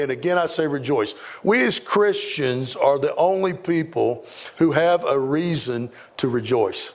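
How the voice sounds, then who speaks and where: A middle-aged man preaching a sermon, emphatic and given to repeating words for stress. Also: a little high.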